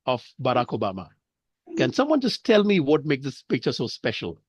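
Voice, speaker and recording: A man's voice: medium pitch, huge pitch swings, fairly quick, slightly rough, dry recording, muffled recording. A man from India runs an online public speaking class, his voice swinging widely as he explains with examples and checks in with listeners. The sound is dry and close, as if from a headset on a video call. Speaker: speech trainer. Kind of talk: online training session.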